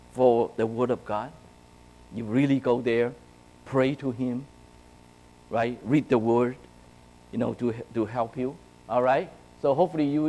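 A man's voice: medium pitch, a little mellow, poor audio. A man preaching a sermon to his congregation in a conversational way, often checking in with "right?" and "okay?". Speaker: pastor. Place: church, speaking to a congregation.

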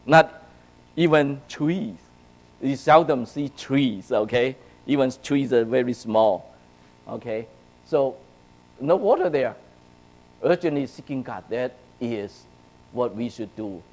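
A man's voice: mid-range voice, low-quality recording. A man preaching a sermon to his congregation in a conversational way, often checking in with "right?" and "okay?". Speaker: pastor. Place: church, speaking to a congregation.

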